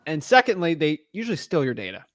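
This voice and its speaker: A man's voice: on the high side, very animated, quick pace, dry recording, clean studio sound. A man coaching on real estate wholesaling, blunt and casual, calling people man and dude. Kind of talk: casual advice on a call.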